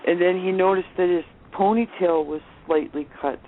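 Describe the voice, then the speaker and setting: A woman telling lively anecdotes as a phone-in guest, laughing often as she talks. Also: on the low side, moderate pace. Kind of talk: casual storytelling on a phone interview. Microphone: telephone. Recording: tinny phone line with faint hiss.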